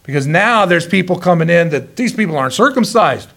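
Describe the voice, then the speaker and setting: A male pastor preaching a sermon in a folksy, joking way, telling stories lively and chuckling often. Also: high-pitched, a little fast, gravelly, hardly any pauses. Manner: lively storytelling.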